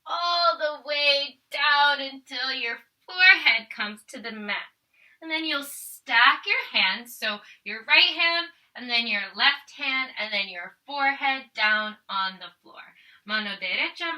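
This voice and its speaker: A woman teaching a family yoga class. She gently guides each pose step by step and counts the breaths. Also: high voice, a little slow, far from the mic, rough recording. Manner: calm step-by-step guiding, counting breaths, switching between English and Spanish. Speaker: yoga instructor.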